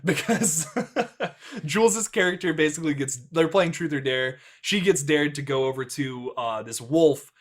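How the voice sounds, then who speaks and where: A man's voice: a little high, moderate pace. A young man hosting a casual film review podcast, rambling and crude, laughing often at his own jokes. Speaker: podcast host.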